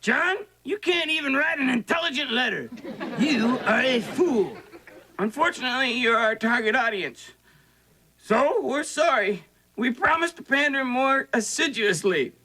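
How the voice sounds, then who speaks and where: A snide, foul-tempered stuffed bunny in a sitcom. He talks very high and very bright, with a sing-song lilt. He mocks everything around him, and a faint laugh track runs underneath. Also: lively intonation, unhurried, heavily acted. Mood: sarcastic. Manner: snide, sarcastic, mock-dramatic.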